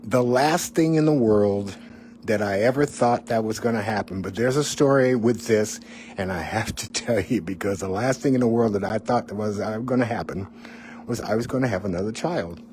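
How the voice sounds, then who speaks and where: Low-voiced middle-aged man telling his story. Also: normal speed, a little mellow, slight background noise. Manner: candid and conversational, with asides to the listener. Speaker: former TV weatherman. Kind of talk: personal storytelling.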